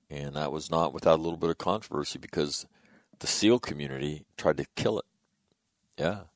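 With an extremely low voice, a middle-aged man hosts a talk radio show, spinning stories in a loose, lively style. He curses freely and loudly impersonates other voices, all in clean studio sound with no echo.

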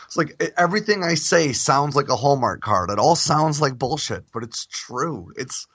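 A man's voice: mid-range voice, lively intonation, moderate pace, a bit bright, husky, no room sound, lo-fi sound. A man in his thirties in a casual chat, earnest and thinking aloud, with easy laughs. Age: 30s.

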